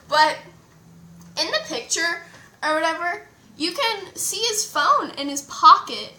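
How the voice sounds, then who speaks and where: A teenage girl vlogging a rambling, excited story with lots of "like" and fillers. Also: very high voice, measured pace, a little hiss or hum. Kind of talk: casual storytime vlog. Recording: echoey room.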